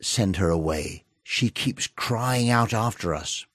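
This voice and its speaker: A man's voice: lowish voice, lively intonation, takes it slowly, fairly bright tone, no echo, clean studio sound, heavily acted. A man voicing a worried group of disciples who urge Jesus, in a Bible story reading.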